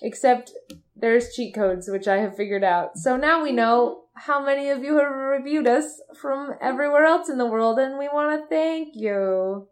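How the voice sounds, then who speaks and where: A young woman from Michigan with a Midwestern accent, co-hosting a casual podcast, chatty and quick to giggle. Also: high voice. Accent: Midwestern American. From Michigan, USA. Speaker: podcast co-host.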